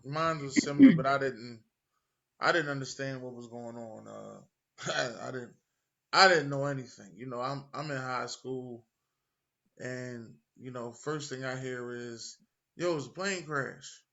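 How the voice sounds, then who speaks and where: Lively bright-voiced man telling stories. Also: medium pitch, measured pace, gravelly, highs cut off. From Philadelphia. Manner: animated, acts out quotes with laughs and swearing. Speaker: podcast host. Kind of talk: casual storytelling.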